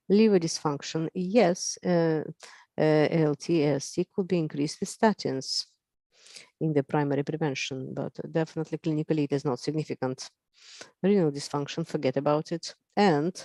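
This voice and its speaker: A physician gives a medical conference lecture, pausing often on fillers and repeating key phrases for emphasis. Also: mid-range voice, gravelly, dark tone, no echo. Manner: halting, with frequent fillers.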